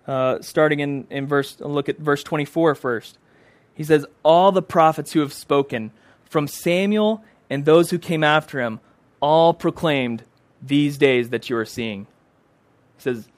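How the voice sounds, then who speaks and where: A man's voice: medium pitch, dry recording. A man preaching a sermon, emphatic and repeating phrases for stress.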